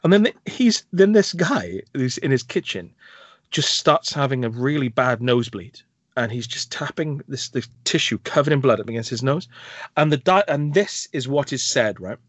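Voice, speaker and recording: A man co-hosting a film podcast, recapping films with animated delivery and laughter. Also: mid-range voice, moderate pace, slightly rough, no room sound. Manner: animated, laughs and acts out scenes. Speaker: podcast co-host. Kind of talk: casual film review chat.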